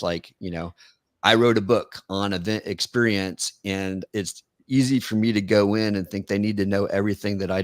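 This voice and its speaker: A man's voice: low-pitched, no echo, clean studio sound. A man hosting a casual interview, thinking aloud in a reflective, conversational way. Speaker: podcast host.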